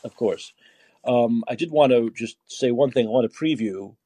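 A man's voice: medium pitch, normal speed, warm tone, slightly rough, no echo. A man hosting a call-in podcast, ranting with indignation and firing off rhetorical questions, often repeating words as he heats up. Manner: repeats words when heated. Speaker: podcast host taking calls.

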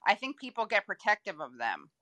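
Bright-voiced woman guest, earnest. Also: medium pitch, huge pitch swings, brisk, dry recording. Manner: earnest, hedging, many fillers. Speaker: podcast guest. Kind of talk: casual political chat.

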